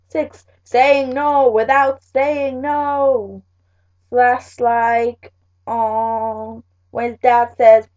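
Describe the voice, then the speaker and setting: A woman's voice: a little high, steady tone, slow pace, pauses often, a little mellow. A teenage girl, chatting through school revision notes in a rambling vlog, full of fillers. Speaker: vlogger. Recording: dull lo-fi webcam audio.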